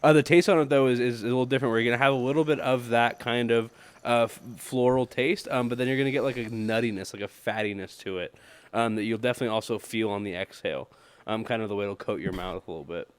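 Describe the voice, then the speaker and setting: A man's voice: mid-range voice, steady tone, fast talker, clean tone. A man hosting a podcast, rambling through a description with lots of fillers in a casual way. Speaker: podcast host. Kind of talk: casual chat.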